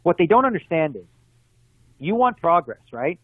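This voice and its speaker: A man calls in as an interview guest, his voice a touch higher than most. He talks fast and animated, making his case through examples. The line sounds tinny and phone-like, completely dry with no room around it. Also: husky, no room sound. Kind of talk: casual interview conversation.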